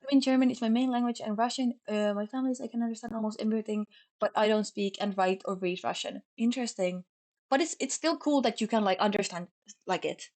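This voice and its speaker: A young woman from Finland with a Finnish accent, chatting casually on stream, talking fast and sloppily and stumbling over her words. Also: on the high side, a little mellow. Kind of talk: casual chat.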